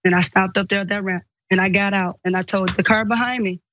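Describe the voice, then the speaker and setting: A woman's voice: medium pitch, quick pace, lo-fi sound, a little hiss or hum. A woman giving an emotional first-person account, acting out the voices of people she quotes. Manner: animated storytelling, acts out quoted speech. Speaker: guest recounting an assault.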